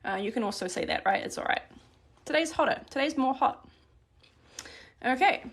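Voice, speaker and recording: Woman, high voice, friendly live-stream language teacher who explains step by step. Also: lively intonation, normal speed, creaky, fairly bright tone. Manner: friendly, explains step by step, thanks viewers by name. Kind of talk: live-streamed grammar lesson.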